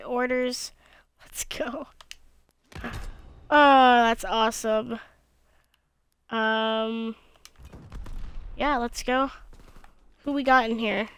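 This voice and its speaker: A young female gaming video creator with a slightly high, clean voice and a slight lisp talks into a gaming headset over her own gameplay. Her commentary is casual, tired and cranky, with mumbled asides to herself.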